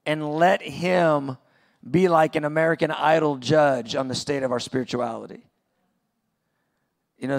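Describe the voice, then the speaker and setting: A man's voice: a little high, creaky. A middle-aged man preaching an earnest sermon at a conference, building to impassioned peaks. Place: large venue, conference session.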